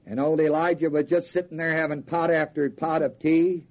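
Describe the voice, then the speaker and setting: A man's voice: a little high, level tone, moderate pace. A man preaching a sermon in a folksy, joking way, often quizzing his congregation with questions.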